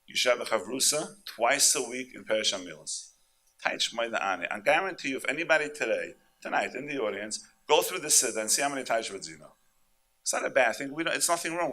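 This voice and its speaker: A man delivers an impassioned sermon, his voice strikingly bright and tense. He swings from loud, fervent peaks to low, confiding asides, sprinkling in Yiddish and Hebrew terms. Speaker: speaker at a conference.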